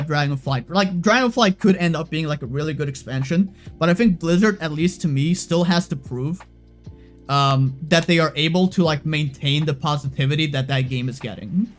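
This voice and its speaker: A young man streaming, ranting in a heated, profane, rambling way, full of fillers and restarts. His voice sits fairly high for a man. Faint music plays quietly behind him. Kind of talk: casual rant to stream chat.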